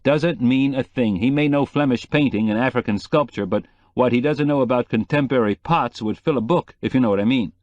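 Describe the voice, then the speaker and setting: A man's voice: medium pitch, a little fast, few pauses, darkish tone, dry recording, dull audio, voice pushed up, lightly acted. A man voicing a boastful, self-pitying male potter in an audiobook, sounding pompous and touchy. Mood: huffy.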